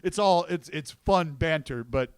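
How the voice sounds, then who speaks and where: A man who calls baseball games, chatting casually on a podcast and telling animated stories, swearing freely. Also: a little high, measured pace, smooth, dry recording. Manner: excitable storyteller who swears and gets loud reliving plays. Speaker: baseball broadcaster and podcast co-host. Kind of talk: casual chat.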